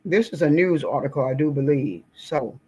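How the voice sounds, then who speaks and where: A woman's voice: low-pitched, normal speed, warm tone, husky. A woman giving blunt, indignant, folksy political commentary in a casual talk. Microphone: screen-share recording.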